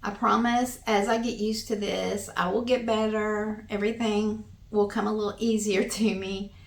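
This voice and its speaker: A woman in her fifties with a Southern US accent, talking to her viewers in a halting, earnest, homespun way. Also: medium pitch, flat delivery, creaky, echoey room. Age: 50s. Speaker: vlogger. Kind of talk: casual talk to camera.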